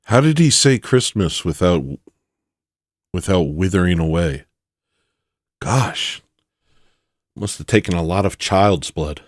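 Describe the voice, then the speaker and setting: A man hosting satirical commentary, rambling and joking with loud sudden bursts. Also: low-pitched, lively intonation, slow, long pauses, no echo. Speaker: commentary host.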